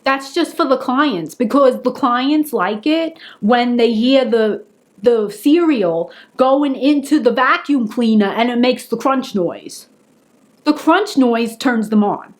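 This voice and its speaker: A woman's voice: fairly high pitch, expressive, slow pace. A woman mimicking a dismissive man explaining things matter-of-factly, with a New York accent.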